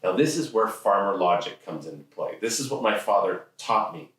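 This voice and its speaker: A man tells funny stories about himself in a dry, self-deprecating way. His voice is low and deep. He is heard from a distance in a hall with strong echo. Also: animated, normal speed, fairly bright tone. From Ontario, Canada. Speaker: comic storyteller. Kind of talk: humorous personal monologue. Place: event hall. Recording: echoey hall, mic far off.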